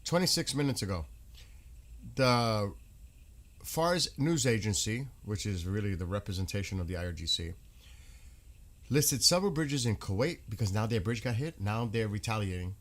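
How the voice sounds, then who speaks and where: A man's voice: fairly low pitch, animated, normal speed. A man giving casual live commentary on news, indignant and firing off rhetorical questions.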